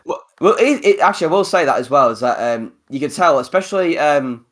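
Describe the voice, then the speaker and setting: A man hosting a podcast in casual chat, animated and quick to laugh. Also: a little high. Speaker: podcast host.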